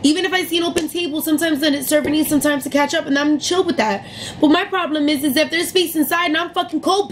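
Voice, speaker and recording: A woman's voice: high-pitched, fast talker, slight background noise, low-quality recording. A young woman retelling a restaurant dispute in a heated, profane storytime rant, working herself up as she goes. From New York City area. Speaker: vlogger telling a story.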